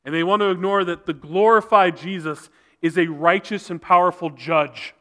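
A male pastor delivers his sermon with earnest conviction, now and then sinking to a hushed, intense register to press a point. His voice sits somewhat high and rings bright and forceful. The sound carries a long reverb tail, as in a large hall. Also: moderate pace. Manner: earnest preaching, drops to soft intense tones for emphasis.

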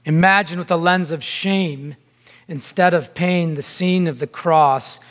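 A man preaching a sermon in a deliberate, emphatic way, with long pauses between phrases. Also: on the high side, fairly bright tone. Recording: long hall reverb.

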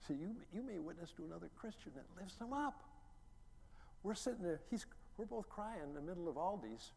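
A middle-aged man, a pastor, preaching a sermon as a story, acting out quotes and building to loud, emphatic peaks. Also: high-pitched, very animated, fairly quick, gravelly. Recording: long reverb, faint ambient noise.

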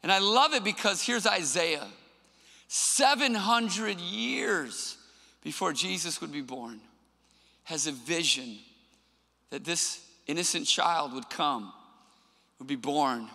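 Male pastor, high bright voice, earnest emphatic sermon, reverberant church sound. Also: creaky. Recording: long hall reverb with soft music.

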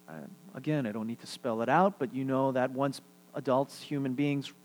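Preaching at normal speed with a medium-pitched voice, a middle-aged man delivers an animated sermon as pastor. He alternates loud emphasis with quiet asides and repeats phrases for emphasis.

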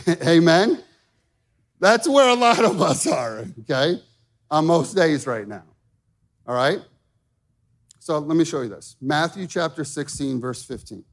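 A man's voice: fairly high pitch, expressive, measured pace, long pauses. A man in his thirties preaching a sermon in a conversational way, often checking in with "okay?". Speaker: pastor.

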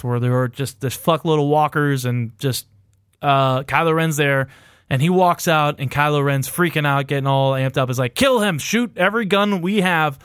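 A man's voice: a little high, a bit bright, no room sound, clean studio sound. A man recapping a movie in casual, profane podcast chat, rambling and irreverent and laughing as he goes. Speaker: podcast host recapping a film.

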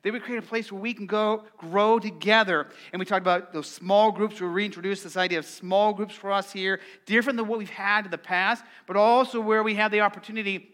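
A middle-aged man preaching a lively, playful sermon and asking the congregation questions. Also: high voice. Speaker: pastor.

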